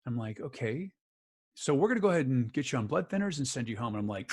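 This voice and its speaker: A man's voice: medium pitch, big pitch swings, fast talker, a little mellow, breathy edge. A middle-aged man telling a personal story in an interview, acting out the other people's lines as he goes. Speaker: guest, author and voice actor.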